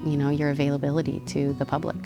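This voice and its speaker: A woman from Texas talks in a relaxed, laughing way as a guest over a meal. Her voice sits a little low for a woman. Soft guitar music plays faintly underneath. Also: fast talker, vocal fry. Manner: chatty and animated, laughs often. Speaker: guest, voice actress. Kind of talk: casual interview over a meal. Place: studio kitchen.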